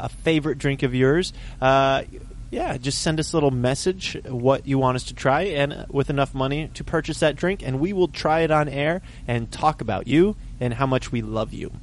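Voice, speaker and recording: A man's voice: mid-range voice, normal speed, a little hiss or hum. A man co-hosting a casual podcast, talking in an easy way with many fillers as he reads out the show plugs. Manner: relaxed, filler-heavy, does the show plugs. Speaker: podcast co-host, magician. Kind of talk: casual chat.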